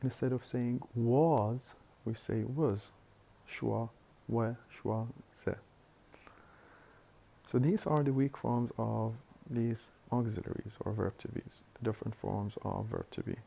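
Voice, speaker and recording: Slow, gravelly-voiced male lecturer. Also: on the low side, steady tone, warm tone. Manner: slow, deliberate explaining with hesitant fillers and repeated words. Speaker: phonetics lecturer. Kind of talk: recorded university lecture.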